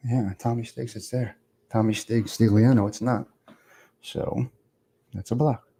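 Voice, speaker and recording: A man's voice: medium pitch, steady tone, a little slow, warm tone, a little hiss or hum. A man hosting a casual live stream, rambling and swearing as he talks to viewers in the comments.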